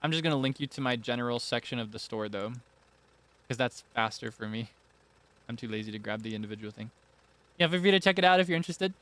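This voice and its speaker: A young man casually chatting while streaming a farming game, playful and excitable with sudden squealing highs. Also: fast talker, smooth. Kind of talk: casual game livestream chat. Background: faint game music.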